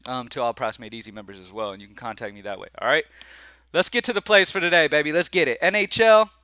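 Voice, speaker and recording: A laid-back man chats to his viewers about his betting picks. He rambles and says y'all a lot. His voice sounds bright and forward, recorded dry and close with no room sound. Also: fairly high pitch, fast talker, dry recording. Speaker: sports betting picks host. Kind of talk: casual vlog-style talk to camera.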